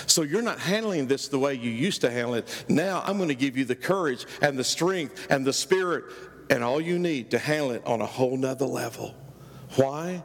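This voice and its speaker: A middle-aged male pastor preaching a sermon, emphatic and rising loud on key phrases. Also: medium pitch, lively intonation, normal speed. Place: church sanctuary. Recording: church hall with long reverb.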